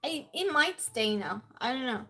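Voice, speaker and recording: A woman's voice: high-pitched, lively intonation, normal speed, pushed and bright, soft background music. A woman hosting a casual live-stream game night, chatting, laughing often and greeting viewers by name from her desk at home.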